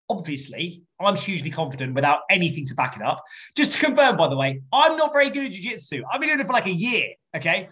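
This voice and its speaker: A fast-talking man with a high-pitched voice appears as a podcast guest, sharing anecdotes in a lively, jokey way with swearing and laughter. The interview recording is muffled and lo-fi.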